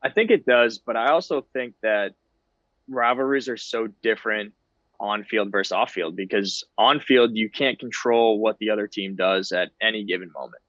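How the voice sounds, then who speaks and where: A man's voice: on the low side, normal speed, a bit bright, no echo, lo-fi sound. A man in his thirties, a guest on a podcast, talking in an easygoing, self-deprecating way. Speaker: guest ballplayer. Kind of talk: casual interview chat.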